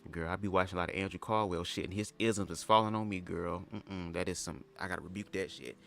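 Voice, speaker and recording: A man's voice: sits low, steady tone, quick pace, vocal fry, fairly bright tone, faint music behind. A young man giving sassy, chatty commentary on a livestream, often calling listeners "girl". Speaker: livestream host reading a book aloud.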